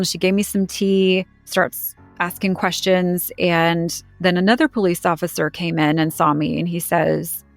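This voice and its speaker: A woman's voice: fairly low pitch, fairly even intonation, a little slow, few pauses, dry recording, soft background music. A woman recounting a frightening personal experience in an interview, speaking earnestly and with emotion, often quoting what others said. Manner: earnest, emotional storytelling with quoted dialogue. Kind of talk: conversational personal account.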